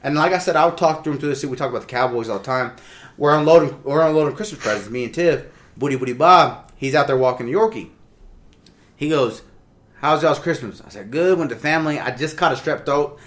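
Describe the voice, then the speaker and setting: A man with a bright, forceful voice, pitched a little higher than most, telling a rambling story in a loose chat. He starts over again and again and laughs through his lines. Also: quick pace. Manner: rambling, laughing, restarts a lot.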